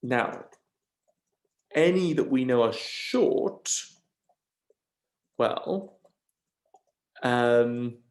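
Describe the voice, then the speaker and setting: A man's voice: medium pitch, lively intonation, extremely slow, long pauses, darkish tone, roomy sound. A man teaching a recorded lesson, explaining step by step in a patient way with frequent ums and checking questions. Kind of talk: recorded video lesson on scanning verse.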